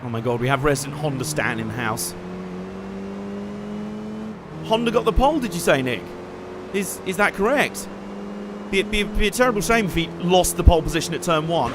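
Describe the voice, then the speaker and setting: Excitable man streaming a racing game. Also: on the high side, brisk. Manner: excitable, joking, chatting to viewers. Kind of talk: live let's-play commentary. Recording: game car noise underneath.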